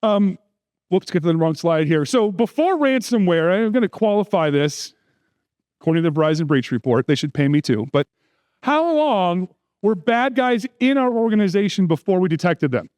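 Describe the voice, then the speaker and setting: A middle-aged man presents at a conference in a conversational way, breaking in with joking asides. His voice sits high for a man. The sound is dry and close, with no room echo. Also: very animated, moderate pace, a little mellow, smooth. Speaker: security conference speaker. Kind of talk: conference talk.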